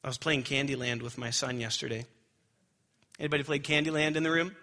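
A young adult man preaching a sermon with animated storytelling that swings high when he gets excited. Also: fairly quick. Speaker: pastor.

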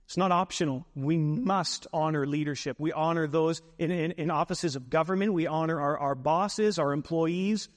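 A man's voice: a little high, moderate pace, hardly any pauses, big-room sound. A man preaching a sermon as a pastor, emphatic, repeating phrases for weight.

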